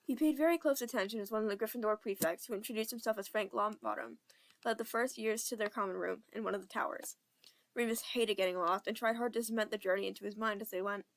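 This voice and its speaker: A young woman reads a fan audiobook aloud in a steady, plain storytelling voice. Her amateur narration keeps an even, simple delivery. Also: medium pitch, fast. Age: young adult.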